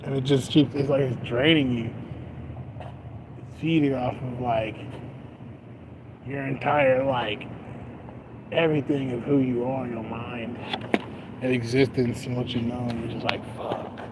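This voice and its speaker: A man's voice: medium pitch, fairly even intonation, a little slow, pauses often. A young man streaming, talking in a loose, profane, rambling way with lots of fillers, outdoors by a street with traffic. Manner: rambling and profane, often laughing, many fillers. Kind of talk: casual rambling monologue.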